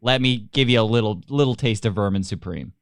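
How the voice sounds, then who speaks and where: A man co-hosting a podcast in casual chat, laughing often and getting animated when he mocks others. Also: lowish voice, fairly quick. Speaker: podcast co-host.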